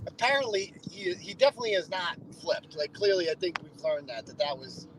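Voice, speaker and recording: A man's voice: on the high side, lively intonation, fairly quick, fairly bright tone, slight background noise, rough recording. A man from Massachusetts co-hosting a casual, profane commentary chat, sarcastic and exasperated, mocking people in put-on voices.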